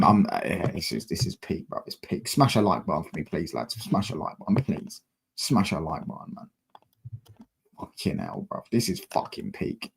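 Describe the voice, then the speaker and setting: A man's voice: low-pitched, vocal fry, a little hiss or hum. A young man, a football fan streamer, frustrated and slangy, swearing as he talks to his chat from a desk mic at home. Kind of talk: live-stream fan rant.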